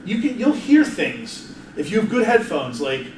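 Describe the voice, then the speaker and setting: A man's voice: sits high, big pitch swings, moderate pace, a little hiss or hum. A man giving a live workshop presentation in an office meeting room, chatty and jokey, often restarting his sentences and laughing. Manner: casual, chatty, self-interrupting with frequent restarts. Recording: roomy, distant mic, faint ambience.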